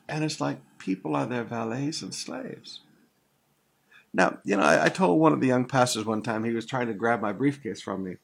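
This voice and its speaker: A man's voice: mid-range voice, animated, moderate pace, vocal fry, breathy edge. An older man preaching a sermon, teaching through a Bible passage in a conversational way, with asides and repeated phrases. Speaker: pastor.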